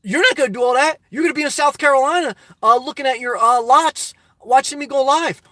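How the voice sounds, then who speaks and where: A man with a New Jersey accent hosting a casual livestream, answering chat with animated rhetorical questions that swing from loud to soft. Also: very high-pitched, brisk, no echo. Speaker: livestream host reading chat. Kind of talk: casual live chat monologue.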